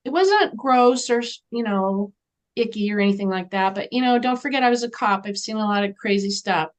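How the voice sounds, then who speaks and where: A woman guest in an interview, telling a story in an animated way and acting out the voices of people she quotes. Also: medium pitch, brisk.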